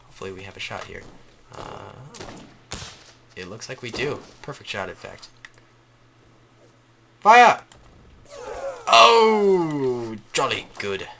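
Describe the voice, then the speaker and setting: A man's voice: sits low, normal speed, creaky, pauses often, bright, forceful tone, slight background noise. A man hosting a gaming channel, giving enthusiastic, rambling gameplay commentary with frequent ums.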